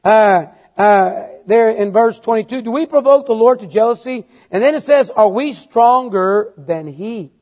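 A middle-aged man preaching a sermon, halting and repeating words, then building into emphatic refrains. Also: high-pitched, expressive, a little mellow.

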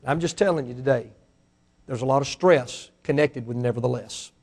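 A pastor with a Mississippi Southern accent preaching a sermon, his voice swelling to fiery shouts and then falling to a hushed prayer. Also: medium pitch, moderate pace, slightly rough. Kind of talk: sermon with altar call.

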